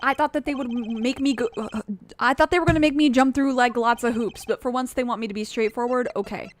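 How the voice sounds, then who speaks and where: A woman's voice: on the high side, fast, a little hiss or hum. A woman casually commenting while playing a video game, chatty and laughing often. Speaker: gaming streamer. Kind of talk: casual let's-play commentary.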